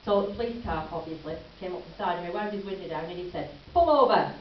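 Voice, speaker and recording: A woman's voice: lowish voice, fairly even intonation, quick pace, a little hiss or hum. A woman performing a chatty stand-up comedy routine, teasing the audience as she goes. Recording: lo-fi camcorder from a distance in an echoey hall.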